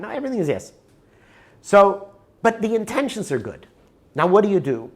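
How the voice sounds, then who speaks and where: Animated man presenting a workshop. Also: high voice, brisk, long pauses. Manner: conversational, checks in with the audience. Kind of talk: live workshop talk with an anecdote. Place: workshop room.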